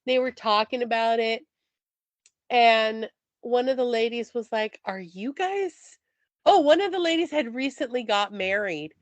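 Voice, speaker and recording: Teasing podcast lady, high voice, dry close sound, lots of "like". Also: normal speed, dry recording. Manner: playful, teasing, says "like" a lot. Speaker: podcast co-host. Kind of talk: casual chat.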